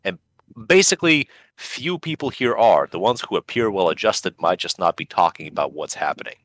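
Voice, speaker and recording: A man co-hosting a podcast in casual chat, animated and breaking into high excited emphasis, speaking English as a second language. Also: brisk, no room sound. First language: not English. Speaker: podcast co-host.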